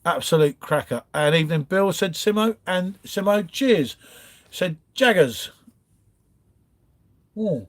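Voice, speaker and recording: A man's voice: sits high, lively intonation, takes it slowly, long pauses. A man hosting a casual live stream, reading out viewer chat and bantering like a friendly pub regular. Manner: chatty, matey banter, calls everyone mate. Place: home, pub-style setup.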